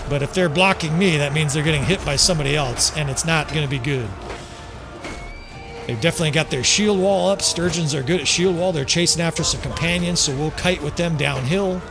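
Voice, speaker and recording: A man's voice: on the high side, fairly quick, creaky. Joking man commentating over game music. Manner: joking, profane, chuckles often. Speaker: gameplay commentator. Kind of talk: casual strategy game commentary.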